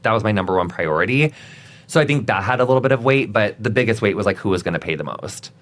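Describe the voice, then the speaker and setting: A man as an interview guest, telling stories in a chatty, animated way with lots of filler words and sudden dramatic outbursts. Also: on the low side, quick pace. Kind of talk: casual interview chat.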